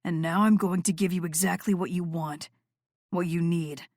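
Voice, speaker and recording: A woman's voice: fairly even intonation, normal speed, darkish tone, no echo, clean studio sound. A woman putting on a murmuring, commanding male rock star. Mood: seductive. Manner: low, murmuring, dominant. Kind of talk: audiobook character voice.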